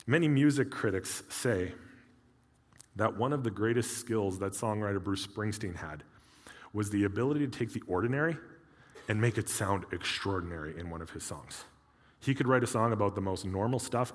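A man's voice: lowish voice, moderate pace. A man preaching a sermon in a conversational way, with humorous personal asides, in a church. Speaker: pastor. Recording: long hall reverb.

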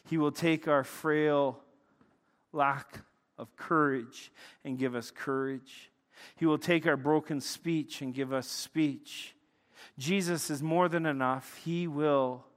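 A middle-aged man preaching a sermon, telling stories in an animated way that swings between loud excitement and hushed intensity. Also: medium pitch. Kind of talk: sermon with storytelling. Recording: long reverb of a large hall.

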